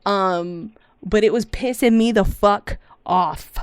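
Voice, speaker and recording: A young woman, streaming a casual reaction, loud and profane with frequent exclamations. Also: mid-range voice, takes it slowly, smooth, dry recording.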